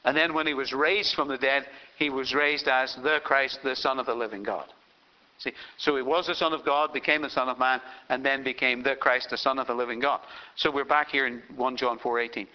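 Older pastor preaching, muffled sound. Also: male voice, medium pitch, steady tone, brisk. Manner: storytelling, reads scripture aloud, emphatic. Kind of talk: sermon. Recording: dull lo-fi sound.

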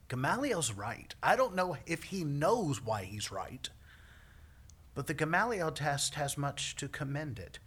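A male minister delivers a sermon and weaves in his own story with animated energy. His voice is husky yet bright and forceful, sitting a little high for a man. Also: a little slow. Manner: animated storytelling, laughs often, repeats words. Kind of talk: sermon with personal testimony.

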